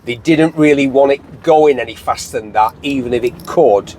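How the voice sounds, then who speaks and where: A man's voice: mid-range voice, moderate pace, darkish tone. An English man hosting a car review, chatting animatedly from inside a car and slipping into put-on voices as he tells stories. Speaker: car show host. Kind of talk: casual car review chat. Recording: faint road noise in car.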